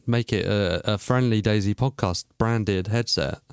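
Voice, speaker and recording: A man's voice: fairly low pitch, unhurried, vocal fry, clear, resonant tone, no echo, clean studio sound. A man co-hosting a podcast, joking and swearing freely in casual banter. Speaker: podcast co-host.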